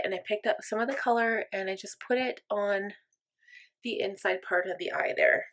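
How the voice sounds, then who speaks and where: A woman's voice: mid-range voice, fairly bright tone. A young woman chatting through a makeup tutorial in an upbeat, chatty, self-deprecating way. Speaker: makeup vlogger. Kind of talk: casual makeup tutorial chat.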